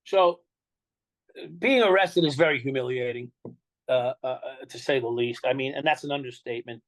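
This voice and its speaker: A man's voice: medium pitch, normal speed, fairly bright tone, no echo, poor audio. An older man with a New York accent, telling his own story in an interview in a blunt, profane way and acting out the dialogue he quotes. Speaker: interview guest.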